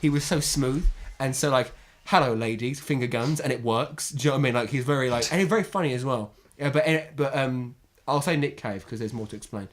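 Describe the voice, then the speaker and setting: A man's voice: medium pitch, brisk, hardly any pauses. A young man from England co-hosting a podcast in casual chat, rambling and repeating words as he talks. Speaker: podcast co-host.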